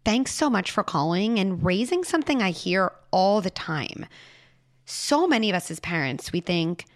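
A woman hosting a show and giving parenting advice to a caller, explaining patiently and dropping into soft hushed asides. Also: lowish voice, very animated, measured pace. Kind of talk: advice talk answering a caller.

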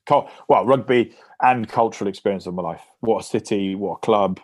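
An English man in his thirties recounts his playing days in a relaxed interview. He talks in a somewhat low voice, recorded close and dry. His delivery is animated and anecdotal, full of fillers and restarts. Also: fairly quick, dry recording. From England. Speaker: former rugby player, guest. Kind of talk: casual interview storytelling.

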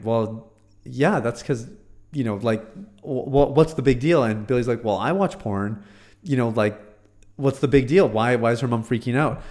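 Earnest man commenting, frequent fillers. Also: medium pitch. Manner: earnest, hesitant with fillers and restarts. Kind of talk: casual commentary.

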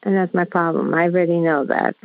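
A woman's voice: on the low side, fairly even intonation, fairly quick. A woman calling in to a radio show, talking in a rambling, hesitant way with many fillers and restarts. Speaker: caller. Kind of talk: phone-in conversation. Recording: tinny phone line.

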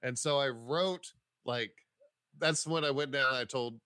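Guy comic telling stories on a podcast, animated, does the voices, swears a lot, dry sound. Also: mid-range voice, measured pace, clean tone, no room sound. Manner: animated, acts out quoted voices, swears casually. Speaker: stand-up comedian guest. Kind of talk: casual interview storytelling.

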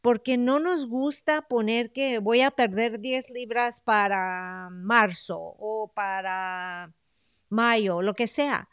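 Clear-voiced bilingual woman coach. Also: fairly high pitch, slow pace, fairly bright tone, dry recording, studio quality. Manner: coaxing, repeats phrases for emphasis.

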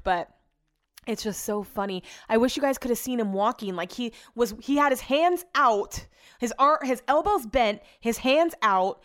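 A woman's voice: mid-range voice, fairly bright tone. Chatty young woman telling a funny story. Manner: chatty, laughing, swears freely. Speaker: vlogger. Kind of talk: casual storytelling to viewers.

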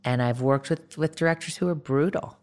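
Woman, low register, candid director telling stories in casual interview chat. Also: a little fast, a little mellow. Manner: candid, laughing, loose with fillers. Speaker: film director guest.

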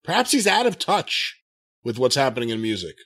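A man co-hosting a podcast, reading out quotes and listener questions in an animated, jokey way. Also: medium pitch, brisk. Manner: animated, jokey, laughs easily. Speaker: podcast co-host.

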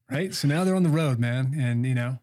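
Relaxed man in a casual movie chat. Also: mid-range voice. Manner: relaxed, halting, repeats words. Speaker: podcast co-host.

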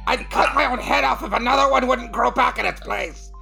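A man playing a gravelly, groveling hydra head. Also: very high voice, fairly quick, over music, heavily acted. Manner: self-loathing, over-apologetic. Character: groveling head of an adult male hydra monster. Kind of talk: improvised comedy podcast.

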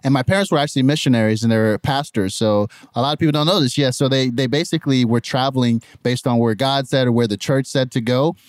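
Man, Nigerian accent, animated storytelling, medium pitch, dry sound. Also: fast talker, few pauses, dry recording. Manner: animated, jumps into high mimicking voices when quoting others. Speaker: podcast guest. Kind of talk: conversational storytelling.

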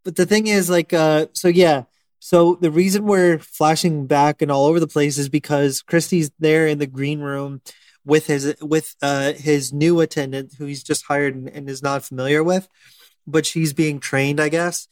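A man's voice: on the high side, level tone, normal speed, darkish tone, no room sound. A man explaining a film's framing in blunt casual chat, with swearing.

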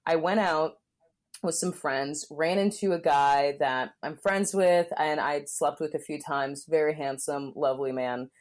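This young woman talks in a low voice for a woman and chats casually. She is frank and uses many fillers. She acts out the voices of the people in her story. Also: measured pace. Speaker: guest telling a story. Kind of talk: casual chat.

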